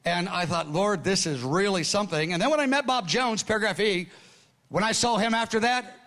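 An older man with a high-pitched voice tells stories from the pulpit in a loose, conversational way. He goes quiet and hushed at moments and often restarts his sentences. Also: brisk. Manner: conversational, acts out dialogue, laughs often; repeats and restarts, drops to hushed tones. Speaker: preacher. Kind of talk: storytelling sermon with notes.

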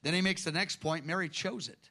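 High, bright-voiced preacher man. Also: fairly quick. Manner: conversational, animated retelling with quoted voices. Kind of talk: sermon.

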